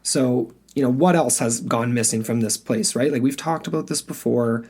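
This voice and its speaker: A man's voice: medium pitch, moderate pace, darkish tone, husky. A man co-hosting a podcast in casual chat, thinking aloud with a teasing manner and frequent restarts. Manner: teasing, restarts often, talks things through aloud. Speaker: podcast co-host.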